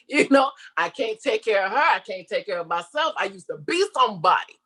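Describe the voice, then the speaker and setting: A woman guest chatting in a casual interview, animated, laughing often and slipping into quoted voices. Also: mid-range voice, brisk, husky. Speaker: interview guest, comedian and online creator.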